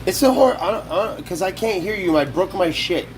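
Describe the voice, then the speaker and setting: A young man live-streams from his home kitchen while cooking. He is rowdy and profane, and his slightly high voice swoops up and down. The phone audio has clear background noise. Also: animated, brisk. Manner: rowdy, profane, trash-talking. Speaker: livestreamer.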